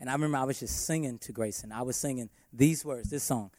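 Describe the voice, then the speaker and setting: A man, a worship pastor, preaching a sermon in an emphatic way, his loudness rising and falling. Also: mid-range voice, quick pace, no echo.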